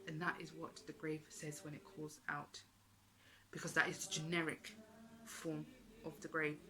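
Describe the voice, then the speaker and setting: A woman's voice: low-pitched, completely flat delivery, normal speed, sharp tone, low-quality recording. A woman giving an earnest, emotional religious talk, repeating phrases for emphasis. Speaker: Islamic speaker.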